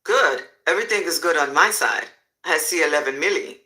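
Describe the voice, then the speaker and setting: A bossy male drug kingpin issues orders in clipped, commanding phrases, voiced by a man. His voice sits high with a hard, bright edge. He expects the money first and no arguments. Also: animated, fairly quick, reverberant. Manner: commanding, clipped pidgin grammar. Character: demanding male drug boss, brash and bossy.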